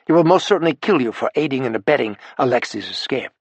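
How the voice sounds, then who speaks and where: A man voicing an earnest hero, a father speaking gravely. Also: medium pitch, animated, quick pace, no room sound.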